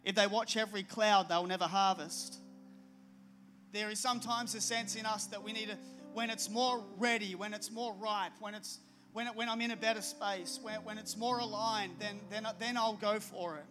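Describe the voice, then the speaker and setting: A man's voice: high-pitched, fairly even intonation, normal speed, over music. A middle-aged man, preaching a sermon with a conversational, storytelling manner. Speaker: pastor.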